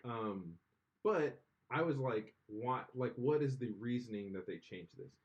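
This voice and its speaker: A man's voice: mid-range voice, animated, a little slow, lo-fi sound. A man co-hosting a casual podcast chat, rambling and opinionated, full of restarts. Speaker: podcast co-host.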